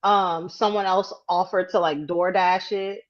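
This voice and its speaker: A woman co-hosting a casual podcast chat, telling a story with lively acted-out quotes and frequent hedging. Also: lowish voice, measured pace, highs cut off. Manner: animated storyteller acting out quotes, hedges often. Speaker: podcast co-host.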